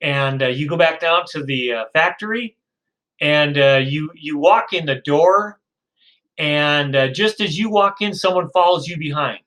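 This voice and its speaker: A man's voice: on the high side, measured pace, a bit bright, low-quality recording. A male lecturer telling a story to his class, acting out the characters in quotes, with frequent fillers and restarts. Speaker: psychology lecturer.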